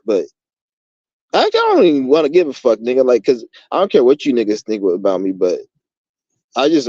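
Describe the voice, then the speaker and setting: A man's voice: on the high side, warm tone, no room sound. A man ranting in a rambling, profane, heated monologue for his channel. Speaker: vlogger. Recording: dull lo-fi dry recording.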